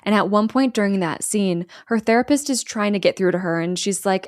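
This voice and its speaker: Animated young woman recapping a story. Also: medium pitch, no room sound, clean studio sound. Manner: animated storyteller, quotes characters in quick bursts. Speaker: podcast co-host recapping a film. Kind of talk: casual chat.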